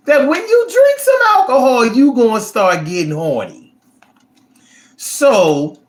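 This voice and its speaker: A man hosting a casual livestream who reads viewer comments and talks in a blunt, profane, rambling way. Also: fairly high pitch. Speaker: livestream host reading chat.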